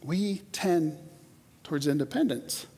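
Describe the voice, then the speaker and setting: A fairly high-voiced man in his forties delivers a sermon as a pastor, chatty and animated, stumbling over repeated words as he builds each point. His voice rings with a long reverb, as in a large church hall. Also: measured pace, slightly rough. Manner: conversational, animated, repeats words when starting sentences.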